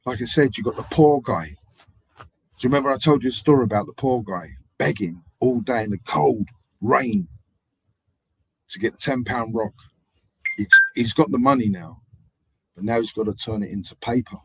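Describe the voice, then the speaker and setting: A man hosting a live stream, telling meandering stories and acting out the people in them, his loudness swinging up and down. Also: mid-range voice, moderate pace, breathy edge, no echo, poor audio. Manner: meandering storytelling with acted-out voices and sudden loudness swings. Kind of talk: rambling live-stream monologue.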